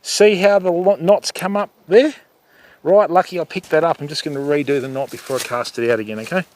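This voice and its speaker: A man's voice: a little high, a little fast, a little mellow. A middle-aged Australian man hosting a fishing livestream outdoors, chatting casually with viewers and calling them mate. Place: outdoors by the water.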